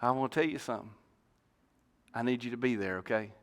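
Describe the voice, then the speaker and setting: This pastor talks fast in a mid-range voice while preaching from the church stage. He brings the story to life with animation and jokes around with the congregation.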